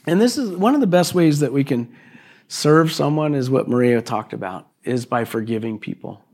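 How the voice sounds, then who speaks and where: A man's voice: medium pitch, expressive, normal speed, darkish tone. A male pastor preaching a sermon to a congregation, in a chatty style with frequent "okay" and "right?" asides, acting out quoted exchanges with his neighbor. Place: church service before a congregation.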